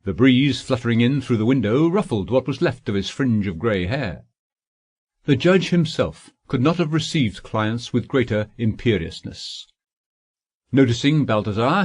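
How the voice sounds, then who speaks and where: A man's voice: medium pitch, darkish tone, slightly rough, no echo. Man narrating an audiobook, dry. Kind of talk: scripted narration.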